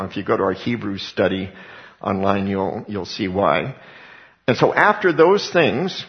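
A man's voice: fairly high pitch, vocal fry, highs cut off. An older man teaching a sermon in a conversational way, with personal asides between Bible readings. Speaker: pastor.

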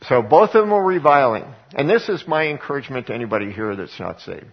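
A man's voice: mid-range voice, expressive, quick pace, slightly rough, lo-fi sound. A male pastor preaching a conversational sermon to his congregation, full of rhetorical questions. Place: church sanctuary before a congregation.

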